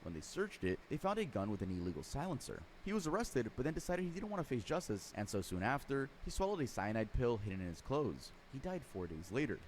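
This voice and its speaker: A man giving scripted true crime narration, lively storytelling with dry sarcastic asides. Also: medium pitch, fast, few pauses, a little hiss or hum.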